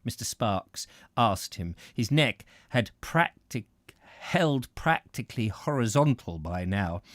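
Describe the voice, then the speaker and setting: A man narrating a novel aloud in an expressive way, with occasional slips. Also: lowish voice, takes it slowly, no room sound, clean studio sound. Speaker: audiobook reader.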